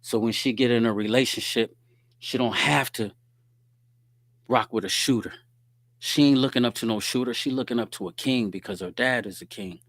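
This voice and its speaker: A man's voice: mid-range voice, moderate pace, fairly bright tone, no room sound. A man giving a streetwise, preachy faith-based talk straight to his listeners.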